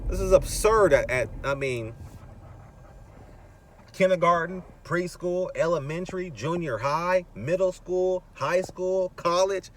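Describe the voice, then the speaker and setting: A man's voice: fairly high pitch, lively intonation, measured pace, long pauses, a bit bright. A man in his thirties ranting in a rambling monologue while driving, his voice rising into exasperated outbursts. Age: 30s. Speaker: vlogger. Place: in a car, driving. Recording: car road noise in background.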